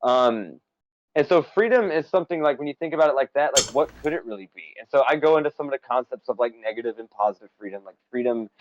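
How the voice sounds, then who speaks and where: A man's voice: medium pitch, animated, fast talker, highs cut off, background noise. A man from the United States co-hosting a casual stream, talking about a film and a game with lots of fillers and tangents. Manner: rambling, filler-heavy, enthusiastic. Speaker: podcast co-host and essay author.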